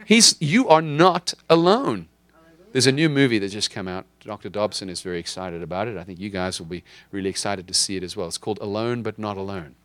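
Low-voiced man preaching a sermon. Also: fast, few pauses, no room sound. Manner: emphatic preaching, repeats key lines for the congregation. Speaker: pastor.

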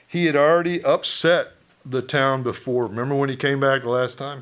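A man's voice: mid-range voice, steady tone, moderate pace, fairly bright tone. A middle-aged man preaching a sermon as pastor, in a conversational way, asking the congregation questions and acting out townsfolk.

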